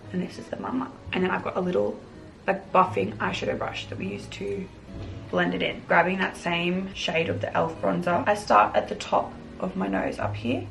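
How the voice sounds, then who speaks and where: A woman's voice: lowish voice, gravelly, low-quality recording. A woman chatting through a makeup tutorial in her bedroom, bubbly and chatty, calling everything little. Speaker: makeup vlogger. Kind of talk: casual tutorial chat.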